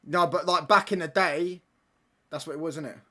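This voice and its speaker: A man's voice: on the high side, fairly even intonation, normal speed, sharp tone. A young man hosting a live football watchalong, rambling and arguing back at his chat in casual slang. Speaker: livestream watchalong host.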